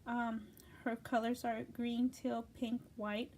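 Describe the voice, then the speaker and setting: Craft host, middle-aged woman, high voice, gushing casual chat, paper crinkling over background noise. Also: slow pace, poor audio. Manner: gushing, excited, gasping exclamations.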